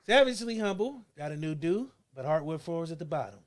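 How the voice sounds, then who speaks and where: A man hosting a casual podcast chat with friends, joking and quick to laugh. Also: on the high side, big pitch swings, slight background noise. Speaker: podcast host.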